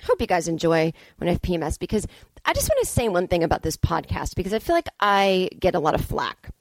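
A woman's voice: on the low side, sing-song, quick pace, no echo. A woman hosting a solo comedic podcast, telling an exasperated story and acting out both sides of the conversation with blunt, profane asides. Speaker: podcast host. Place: indoors, hotel room.

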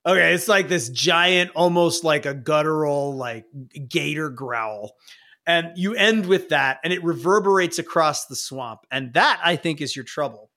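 A man narrating as game master of a tabletop game, playful and quick to laugh. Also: a little high, bright, forceful tone.

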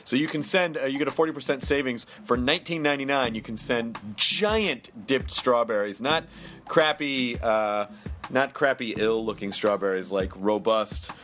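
A man's voice: medium pitch, fairly bright tone, a little hiss or hum. A man in his thirties hosting a podcast, joking around in casual comedic chat. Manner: joking, playful, quick asides. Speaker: podcast host.

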